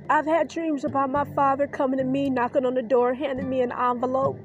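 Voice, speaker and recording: A woman's voice: high voice, flat delivery, brisk, hardly any pauses, soft background music. A woman hosting a podcast, talking in an emotional, defiant personal monologue and getting choked up at times. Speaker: podcast host.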